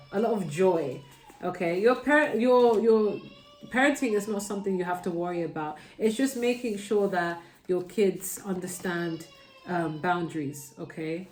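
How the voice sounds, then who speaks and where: A woman's voice: mid-range voice, normal speed, reverberant. A woman from the UK giving a casual tarot reading, chatty and reassuring, often ending phrases with "okay?". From United Kingdom. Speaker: tarot reader.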